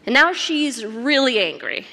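A woman preaching a sermon in a conversational, animated storytelling manner, often turning to the congregation with questions. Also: high voice, measured pace. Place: church sanctuary. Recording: long church hall reverb.

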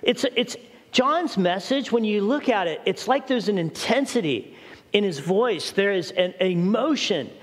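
A man's voice: high-pitched, expressive, a little slow. A middle-aged man preaching a sermon as pastor, urgent and questioning the congregation directly. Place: church hall. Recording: long church hall reverb.

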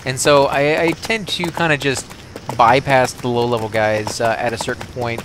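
A man hosting a game walkthrough, explaining steps in a relaxed way with plenty of fillers. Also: mid-range voice, moderate pace, noisy background. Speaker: host.

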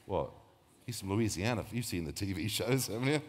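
A deep-voiced man speaks in a lecture hall with a long, ringing reverb. He rambles and jokes through his talk, often breaking off mid-sentence. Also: animated, brisk. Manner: rambling, jokey, self-interrupting. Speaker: shark researcher giving a public talk. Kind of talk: informal public science talk.

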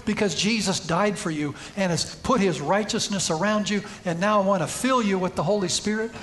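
High-pitched male preacher, storytelling sermon with emphatic peaks, church setting. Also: fairly quick, fairly bright tone. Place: church sanctuary.

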